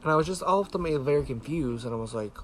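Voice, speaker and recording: A man's voice: fairly high pitch, animated, rapid-fire, faint music behind. A man vlogging to a camera held close, telling a story casually in a rambling way, swearing freely and filling with "like". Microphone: handheld camera close to face.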